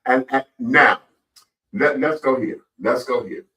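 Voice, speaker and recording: A man's voice: medium pitch, a little slow, pushed and bright, reverberant, recorded from a distance, faint music behind, poor audio. A man hosting a casual radio talk show, speaking emphatically and repeating himself. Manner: emphatic, repetitive, says "child" often.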